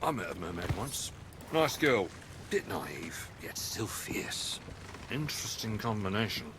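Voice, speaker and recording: A swaggering pirate captain from a game, theatrical and slurring. His pitch swoops up and down in lively arcs. Faint noise sits underneath. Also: unhurried. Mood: wry. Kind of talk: game character dialogue.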